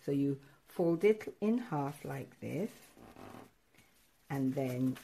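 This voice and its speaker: A woman art teacher walking children through a craft lesson step by step, encouraging and excitable, pausing often with fillers. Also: deep voice. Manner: encouraging, hesitant with many fillers; addresses children directly, excitable.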